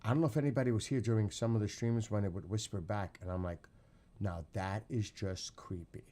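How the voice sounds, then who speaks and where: Low-voiced man chatting on a livestream. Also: very fast, mellow. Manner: loose, profane storytelling. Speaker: livestream host. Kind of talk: casual livestream chat.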